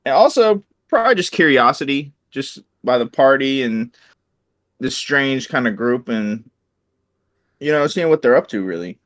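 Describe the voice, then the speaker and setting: A man's voice: medium pitch, expressive, normal speed, a bit bright. Easygoing man thinking aloud. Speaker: player. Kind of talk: casual chat in a tabletop game.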